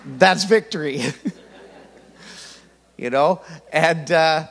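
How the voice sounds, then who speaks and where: An older man preaching a sermon as pastor, lively and humorous, with sudden loud rises. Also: fairly high pitch, drawn-out words. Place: church hall. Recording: church hall reverb.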